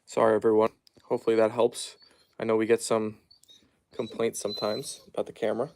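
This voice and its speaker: A man casually chatting on a live stream at home, reading viewer comments aloud and softly hushing his dogs. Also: lowish voice, little pitch movement, brisk, a little hiss or hum. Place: at home, down in the basement.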